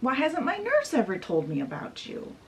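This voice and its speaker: A woman's voice: high-pitched, wildly swooping pitch, normal speed, slight background noise, voice pushed up, exaggerated voice. Naive eight-year-old princess girl, voiced by a woman, eager and questioning, storybook tone. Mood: curious.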